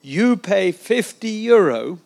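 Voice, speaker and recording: A man's voice: high-pitched, very animated, slow, creaky, darkish tone, pitched above the performer's own voice, exaggerated voice. A man voicing a big, mean, corrupt roadside policeman with a put-on French accent, making curt, repeated demands. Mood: demanding.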